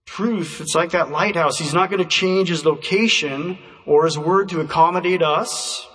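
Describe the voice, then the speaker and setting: A man's voice: on the high side, fairly bright tone. Male preacher echoing in a far hall. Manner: measured, emphatic preaching with slow stressed phrases. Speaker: pastor. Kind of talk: sermon. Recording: distant voice in a reverberant hall.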